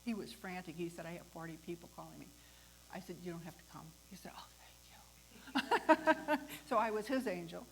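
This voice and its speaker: A woman hosting a talk, telling a personal story in a lively way, acting out the voices of the people in it and laughing often. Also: lowish voice, quick pace, vocal fry, a little hiss or hum, poor audio. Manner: animated, acts out the voices in her story. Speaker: host.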